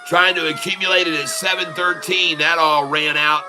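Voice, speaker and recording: A man giving excited live commentary on his own stock trades, hyping the moves like a showman and repeating prices over and over. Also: on the high side, over music. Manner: showman hype, drawn-out exclamations, repeats prices. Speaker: day trader streaming live.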